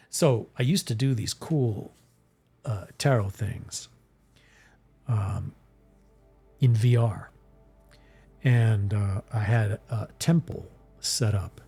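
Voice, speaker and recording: A man giving a casual live-streamed tarot reading, talking in a soft, musing way that often trails off into whispers. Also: mid-range voice, gravelly, husky. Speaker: tarot reader and game streamer.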